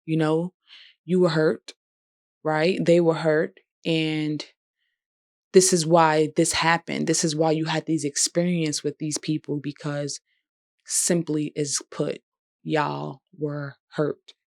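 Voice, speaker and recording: Speaking slowly in a low, level, slightly mellow voice, a young female vlogger shares heartfelt personal thoughts on healing and forgiveness, occasionally bursting into laughter. The sound is clean studio audio with no echo.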